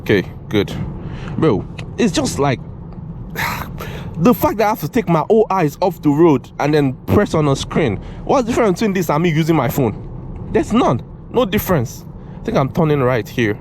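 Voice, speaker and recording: A young man giving casual, excitable driving commentary from inside a moving car, repeating himself and calling out "bro", recorded on a GoPro camera. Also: a little high, normal speed. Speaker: car reviewer. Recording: road and engine noise in car.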